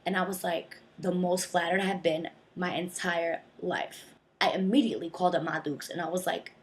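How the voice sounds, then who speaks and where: A woman's voice: lowish voice, a little fast. Sassy young woman telling comic stories. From Bergen County, New Jersey. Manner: sassy and slangy, acting out voices of neighbors. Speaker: comedic storyteller. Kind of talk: comic monologue.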